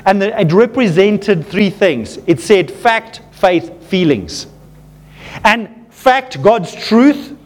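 Preaching with earnest animation, this pastor calls his congregation "folks." At tender points, his voice sinks low and quiet.

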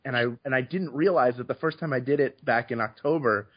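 Man, podcast host, casual storytelling, mid pitch, restarts sentences, muffled audio. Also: slightly rough. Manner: storytelling, quick restarts and repeated words. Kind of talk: casual chat.

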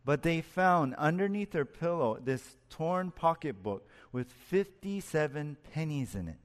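A man's voice: a little high, expressive, unhurried, big-room sound. A man preaching a sermon as a pastor, earnest, rising and dropping his voice for emphasis and asking his listeners questions.

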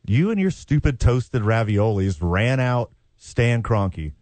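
A sarcastic man co-hosts a sports radio show, teasing the others in a bouncy, lively voice. He sounds dry and close to the mic. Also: medium pitch, slow pace, dry recording. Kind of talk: joking radio banter.

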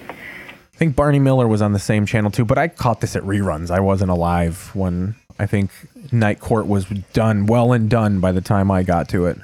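A man's voice: on the low side, normal speed, a little mellow. A man hosting a casual live stream, talking loosely over TV clips with profane, wry asides. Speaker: streamer host.

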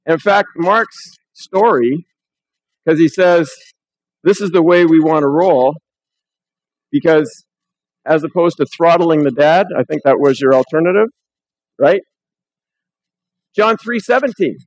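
A man's voice: a little high, a little slow, long pauses, no echo, rough recording. A man pastor preaching a sermon in a church, talking conversationally and reading scripture aloud.

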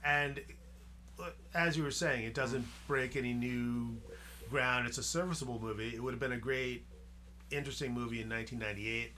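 Man, crisp bright voice, thoughtful podcast co-host, faint hum. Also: mid-range voice, brisk. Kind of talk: casual group discussion.

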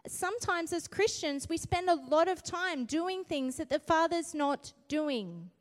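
High-voiced woman preaching in a hall. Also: animated, unhurried. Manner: earnest, builds to fiery emphasis, frequent "right?" tags. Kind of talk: sermon. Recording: long hall reverb.

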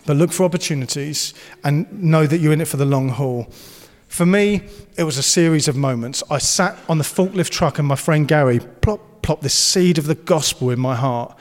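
A man's voice: on the high side, moderate pace, hardly any pauses, in a large hall. A man preaching a sermon, earnest and encouraging, and he slips into playful banter. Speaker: pastor.

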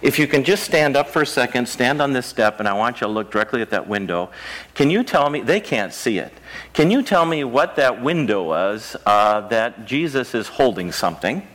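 In a rural church, a man pastor delivers a children's message with a very animated, fairly bright mid-range voice at a moderate pace, chatting conversationally and posing simple questions to the children. The recording is low quality.

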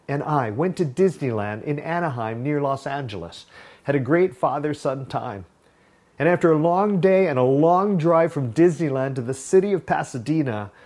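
Wry storytelling pastor, slightly high voice. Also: male voice. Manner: animated, wry anecdote telling. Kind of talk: sermon storytelling.

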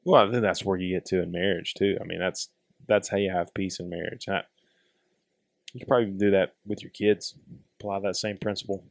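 A middle-aged man, a father, co-hosting a podcast in casual chat, thoughtful and halting as he talks. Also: sits low, fairly even intonation, creaky, no room sound, studio quality. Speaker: podcast co-host.

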